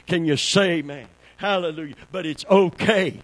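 In a low-quality recording with no echo, a Southern-accented preacher addresses a small church congregation at normal speed with few pauses. His slightly high voice invites responses and builds folksy stories to fervent heights.

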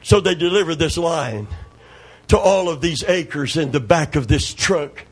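A middle-aged man preaching a sermon, calling out to the congregation and breaking into loud shouts as he tells stories. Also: on the high side, expressive, a little slow, breathy edge. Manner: call-and-response preaching, calls for amen, storytelling, sudden shouts.

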